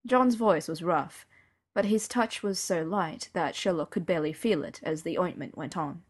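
Woman narrating softly, low voice. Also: moderate pace. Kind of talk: audiobook narration.

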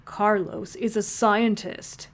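A woman voicing a gentle male radio host with a smooth, soothing voice and gracious small-town charm. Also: medium pitch, steady tone, slow pace, lightly acted.

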